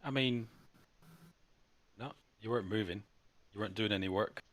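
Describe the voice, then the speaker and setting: A man's voice: on the low side, moderate pace, a bit bright. A man narrating as game master in a tabletop game, playful and teasing, with frequent restarts.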